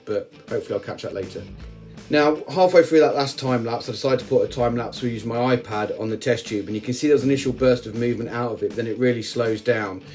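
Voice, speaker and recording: A man's voice: medium pitch, a little mellow. A man hosting his ant-keeping channel, giving a chatty, joking voice-over with frequent asides. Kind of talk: casual voice-over narration.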